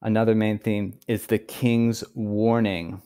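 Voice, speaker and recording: Low-voiced earnest male Bible teacher. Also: little pitch movement, warm tone, smooth. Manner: earnest, emphatic, stresses key words with pauses. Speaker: preacher.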